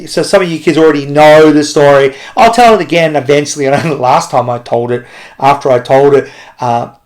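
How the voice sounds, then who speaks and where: A man's voice: on the high side, fairly quick. A young adult man leading a children's ministry talk, telling a story with frequent laughter. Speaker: kids club leader.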